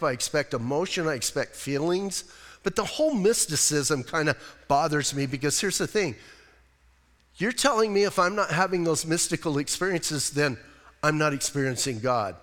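A man's voice: on the high side, a bit bright. A man preaching a plainspoken, casual sermon to his congregation in a church. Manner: plainspoken, casual, self-deprecating. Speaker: pastor. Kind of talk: conversational sermon. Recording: long reverb of a church hall.

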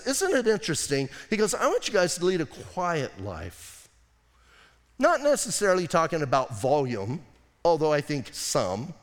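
Guy preaching, playful and jokey, voice jumps all over, echoey church hall. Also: on the high side. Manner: animated, jokey preaching with acted asides. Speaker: pastor. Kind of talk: sermon.

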